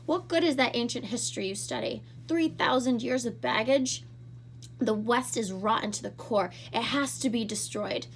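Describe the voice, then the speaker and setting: A woman voicing a smooth, scornful teenage boy villain in a storybook reading, with a mocking, persuasive manner. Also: fairly high pitch, normal speed, a little hiss or hum, voice pushed up, close to an everyday voice. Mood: taunting.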